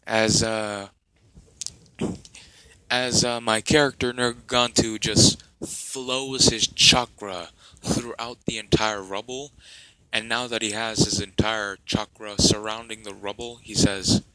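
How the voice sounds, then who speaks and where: A man's voice: lowish voice, level tone, slow, pushed and bright, clean tone, dry recording, low-quality recording. A man narrating an improvised fan story in a rambling way, with many fillers and restarts.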